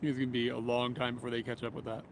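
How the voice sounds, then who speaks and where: Casual male streamer, gravelly voice, rambling outdoor chat over loud street and train noise. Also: medium pitch, fast talker. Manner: relaxed, rambling, chuckles often. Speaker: livestreamer. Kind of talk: casual livestream chat, reading viewer comments. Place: outdoors in a city, near train tracks. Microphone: small camera-mounted mic. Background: passing vehicles and trains.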